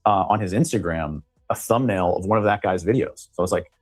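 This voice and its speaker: Low-voiced, fast-talking male attorney. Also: no echo, faint music behind. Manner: measured, explanatory, long-winded. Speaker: attorney guest. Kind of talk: interview conversation.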